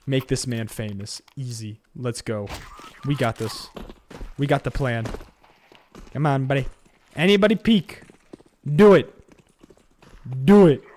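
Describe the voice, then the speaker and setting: A man streaming a shooter game, rambling to his viewers between sudden excited outbursts. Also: mid-range voice, a little hiss or hum. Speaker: gaming streamer. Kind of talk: live gameplay commentary chatting to viewers.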